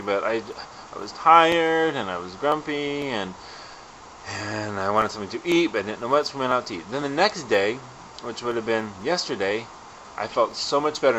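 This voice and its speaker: A young man tells a story to his camera in a casual, self-deprecating way, getting animated as he goes. His voice is bright and forceful. A faint ambient noise sits behind him. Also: medium pitch, poor audio. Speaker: vlogger.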